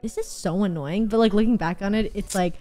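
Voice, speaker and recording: A young woman chatting on a live stream, telling stories in an animated, chatty way with frequent "like". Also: medium pitch, a little fast. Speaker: streamer co-host. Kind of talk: casual live-stream chat.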